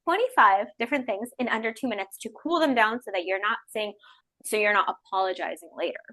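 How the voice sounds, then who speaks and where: Give me a woman podcast guest, lively talker who keeps acting out what people think, pitch right in the middle. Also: fast. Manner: animated, acts out people's inner voices. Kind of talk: casual interview chat.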